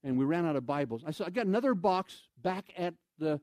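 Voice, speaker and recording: A man preaching through a story with animated delivery, breaking into loud exclamations and acting out the voices of people he quotes. His voice sits a little high for a man. The sound is dry and close, with no room around it. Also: brisk, no room sound. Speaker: evangelist. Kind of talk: sermon storytelling.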